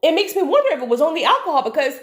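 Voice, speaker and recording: Speaking straight to the viewer, a woman tells a personal story in a casual, animated monologue, often repeating words for emphasis. Her voice sits high and comes out rapid-fire.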